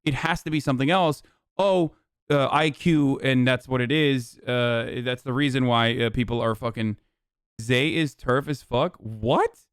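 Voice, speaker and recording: A man's voice: mid-range voice, unhurried, clean tone, dry recording, clean studio sound. A man in his thirties streaming live, reading his chat aloud and answering it with sarcastic, profane mock outrage.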